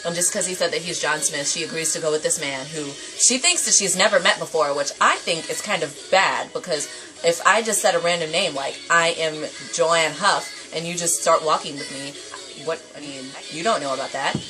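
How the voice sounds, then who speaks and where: A young woman vlogging a casual anime review, rambling and animated as she retells the plot. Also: sits low, over music, poor audio. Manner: rambling, quick and animated storytelling.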